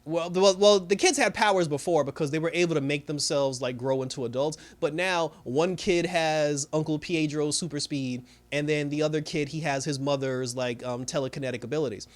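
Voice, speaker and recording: Guy rattling off a tv episode recap, quick and rambly, lots of "you know". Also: on the high side, steady tone. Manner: rambling retelling with many fillers. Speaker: TV show reviewer.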